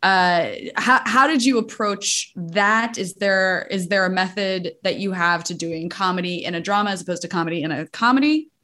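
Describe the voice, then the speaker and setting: A woman hosting a casual group conversation over a video call, laughing often and asking quick follow-up questions. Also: mid-range voice, pushed and bright. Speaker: host of a podcast talkback.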